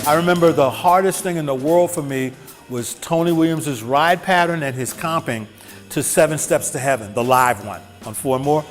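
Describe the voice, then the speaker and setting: A man, a jazz drummer and teacher, telling funny, animated stories to an audience at a venue. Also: on the high side, normal speed. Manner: humorous, animated anecdotes. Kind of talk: storytelling talk to an audience. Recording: long hall reverb, faint music.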